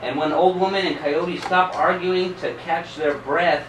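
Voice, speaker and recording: A man reading a picture book aloud to children at a school event, pausing to show the pictures. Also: on the high side. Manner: pauses to show the pictures, checks in with okay. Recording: echoey room, distant mic, background noise.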